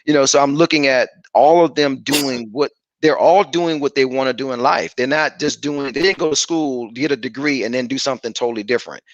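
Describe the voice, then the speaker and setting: A man in his forties, a guest father speaking earnestly and reflectively over a video call, pausing with fillers. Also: medium pitch, a little hiss or hum. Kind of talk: casual interview talk. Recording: dry, dull lo-fi call audio.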